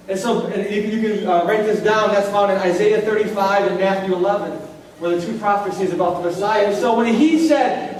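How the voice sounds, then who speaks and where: Man, pastor, very high voice, conversational sermon, drawn-out emphasis, echoey hall from far off. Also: slight background noise. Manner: conversational preaching, drawing out key lines. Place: church hall.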